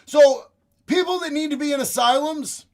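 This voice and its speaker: A man streaming reaction commentary in a profane, gleeful, often shouted way. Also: very high-pitched, normal speed.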